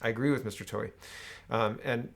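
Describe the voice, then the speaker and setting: A man's voice: mid-range voice, steady tone, a little fast, gravelly. A man hosting a solo political commentary show, sarcastic, reading headlines aloud and tagging his points with "right?". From Canada.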